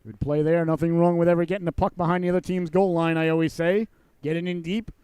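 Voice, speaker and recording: A high-pitched male hockey announcer with a smooth, resonant voice, recorded close and dry. He calls the game in a folksy, joking way and lets loose with shouts on big plays. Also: flat delivery, quick pace, no room sound. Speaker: play-by-play commentator. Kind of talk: youth hockey play-by-play commentary.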